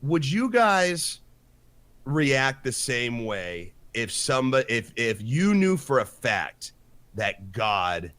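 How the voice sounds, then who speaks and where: A man co-hosting a casual podcast chat, animated and acting out quotes in his story. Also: medium pitch, slow pace, no echo. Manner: animated, acts out quotes with lively swings. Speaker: podcast co-host.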